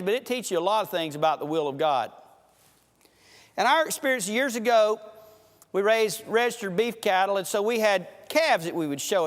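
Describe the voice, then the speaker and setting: A man preaching a sermon, telling folksy farm stories and swinging between loud and soft delivery. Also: high voice, long reverb tail. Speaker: pastor.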